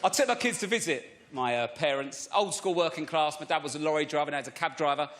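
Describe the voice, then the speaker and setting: A man's voice: fairly high pitch, fast, fairly bright tone. A man doing a self-mocking stand-up routine, telling chatty stories on a large theatre stage. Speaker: stand-up comedian. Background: audience laughter.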